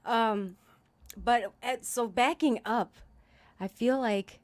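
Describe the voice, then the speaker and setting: A woman's voice: fairly high pitch, slow, no echo. Encouraging woman host. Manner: encouraging, frequent mm-hmms. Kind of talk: supportive podcast interview.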